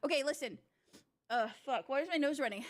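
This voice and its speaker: High-voiced giggly woman streamer. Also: animated, brisk. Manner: playful, giggly, teasing. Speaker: VTuber streamer. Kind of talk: casual live-stream chat.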